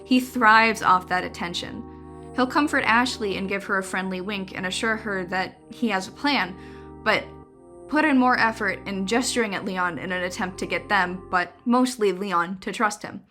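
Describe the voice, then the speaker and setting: A woman's voice: medium pitch, moderate pace, bright, forceful tone, faint music behind. A young woman narrating a scripted video essay in a wry, conversational way with dry jokes.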